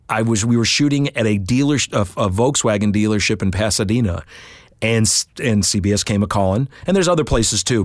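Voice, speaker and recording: A middle-aged man with a low voice recounts his voiceover career in a relaxed interview. His delivery is animated and anecdotal, slipping into quick character voices. The sound is dry and close. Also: no room sound. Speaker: voiceover artist. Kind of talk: storytelling interview.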